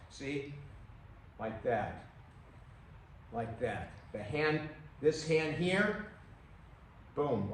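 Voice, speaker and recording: A man coaching striking in an unhurried, loose way, his slightly high voice ringing around a strongly echoing room. He punctuates each demonstrated move with sharp "boom" and "bam" sounds, heard off-mic through a camera set some distance away, with faint noise behind. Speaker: martial arts instructor. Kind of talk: casual demonstration talk. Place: room, filmed on own camera.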